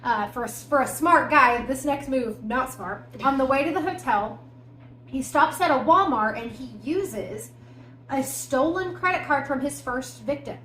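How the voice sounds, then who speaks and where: Speaking at a moderate pace, a woman with a high, somewhat bright voice co-hosts a podcast and casually tells the story of a crime case. Her conversational telling is sprinkled with emphatic asides and fillers, recorded in an echoey room with faint noise behind her.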